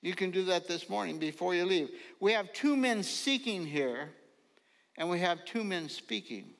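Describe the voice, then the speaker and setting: An older man preaching a folksy sermon, telling stories slowly and now and then rising into loud ringing calls. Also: high voice, lively intonation, gravelly. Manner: slow storytelling, bursts into loud ringing calls. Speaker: pastor. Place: church sanctuary. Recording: long reverb of a large hall.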